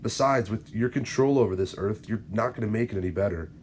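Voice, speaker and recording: A man's voice: on the low side, fairly quick, a little mellow, slight background noise, close to an everyday voice. A man reading the lines of an earnest young male superhero in a fan-written story. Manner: urgent, earnest.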